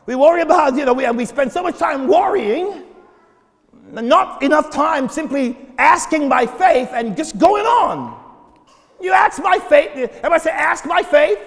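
A man preaching a sermon from the pulpit, breaking into shouted prayers and repeating his words as he builds. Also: very high voice, moderate pace, creaky. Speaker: pastor. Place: church sanctuary at the pulpit. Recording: long reverb of a church hall.

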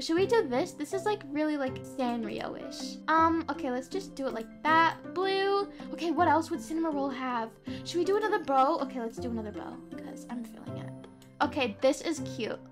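Bubbly high-pitched Australian girl gamer. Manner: bubbly, gasping, lots of "like" and "oh my gosh". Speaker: gaming YouTuber. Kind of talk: casual gameplay commentary. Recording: voice over game music.

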